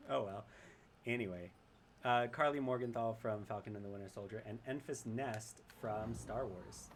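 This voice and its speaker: A man's voice: lowish voice, normal speed, slight background noise. A man casually commenting on his gameplay and reading chat aloud, chatty and rambling and often laughing. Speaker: streamer.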